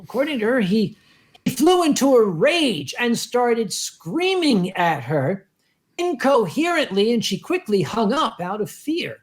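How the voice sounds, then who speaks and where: A man, a convention organizer, telling an anecdote on a panel and acting out the quotes with lively voices. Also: high-pitched, unhurried. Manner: lively storyteller who acts out the quotes.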